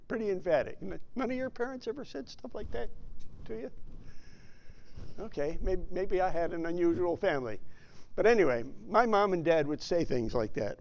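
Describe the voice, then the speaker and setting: Slow, emphatic preaching man. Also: a little high, expressive, a little mellow. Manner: slow, emphatic preaching with rhetorical questions to the congregation. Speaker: pastor. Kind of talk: sermon.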